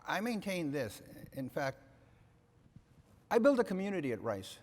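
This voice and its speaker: A man's voice: on the high side, big pitch swings, moderate pace, darkish tone. Emphatic older man giving a keynote. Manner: emphatic, repeats "okay?" to the audience. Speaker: keynote speaker. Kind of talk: animated keynote speech. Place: conference hall. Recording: reverberant hall sound.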